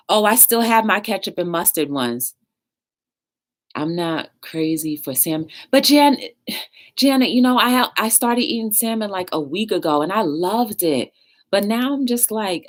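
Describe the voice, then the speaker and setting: A woman's voice: medium pitch, a little slow. A woman hosting a live-stream chat show, telling stories and reading chat aloud in a loose, slangy manner. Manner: animated storytelling, reads chat aloud, slangy. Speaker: talk show host.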